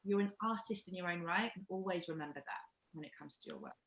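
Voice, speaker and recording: Bright-voiced woman leading an acting workshop. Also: fairly low pitch, fast, reverberant, rough recording. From England. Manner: encouraging, reflective, animated emphasis. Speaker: workshop leader. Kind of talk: live-streamed acting workshop.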